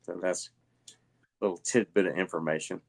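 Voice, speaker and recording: A middle-aged man with a Southern US accent, telling stories at a relaxed pace with lots of fillers as a guest in an interview. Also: deep voice, fairly quick, gravelly, breathy edge. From Alabama. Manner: rambling, relaxed storytelling with many fillers. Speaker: guest, illusionist. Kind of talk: casual interview chat.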